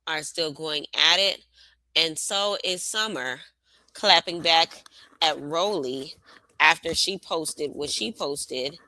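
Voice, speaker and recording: A woman vlogger giving casual gossip commentary on a reality show, chatty with drawn-out asides. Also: low voice, pushed and bright, dry recording, low-quality recording. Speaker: reaction vlogger.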